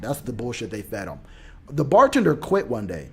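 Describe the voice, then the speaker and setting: Man, gravelly husky voice, fairly high pitch, animated storytelling rant, loud outbursts and mumbled asides. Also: fairly quick. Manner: acts out quoted people, swings from loud outbursts to mumbling. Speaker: motivational podcaster.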